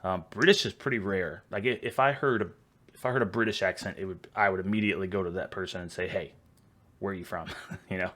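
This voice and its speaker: A man with a Texan drawl hosts a relaxed reaction video, his voice sitting low. He talks in a loose, easygoing way and breaks into laughter often. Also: quick pace. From Houston, Texas. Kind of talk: casual reaction commentary.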